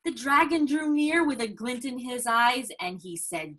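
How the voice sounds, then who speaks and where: A woman reading a picture book aloud to a child, slow and expressive, with gasps and prompting questions. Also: high voice. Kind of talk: storybook read-aloud.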